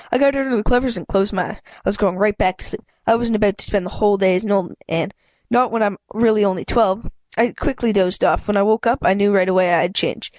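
A woman's voice: mid-range voice, fast talker, a little mellow, dry recording, muffled recording. Stuffy-nosed woman reading a story aloud. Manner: stumbling reading with frequent restarts and asides. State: stuffed up with a cold. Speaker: amateur audiobook reader. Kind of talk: casual read-aloud narration.

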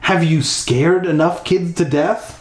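A man's voice: a little high, steady tone, slow, voice pushed up. A man reading aloud in an echoey bathroom, playing a stern, exasperated middle-aged man who scolds his nephew. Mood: scolding. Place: bathroom, in a bathtub.

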